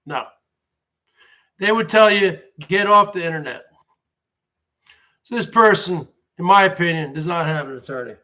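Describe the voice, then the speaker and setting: A man's voice: high voice, lively intonation, normal speed, sharp tone. A man in his forties hosting his own show, ranting sarcastically in a casual, repetitive way. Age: 40s. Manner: sarcastic, emphatic, repeats himself. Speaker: show host. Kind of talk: casual livestream rant.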